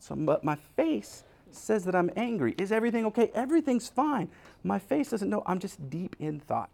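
A man's voice: sits high, moderate pace, creaky. A middle-aged man preaching a humorous sermon, joking and acting out little scenes. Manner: animated, jokey, acts out little scenes. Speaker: pastor.

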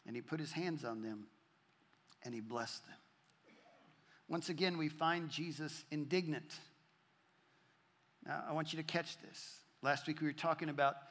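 A man preaching in a church, his voice high and bright. He reads scripture and builds emphasis through repeated phrases, rising for key lines. A long reverb from the sanctuary trails each phrase. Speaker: pastor. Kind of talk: sermon.

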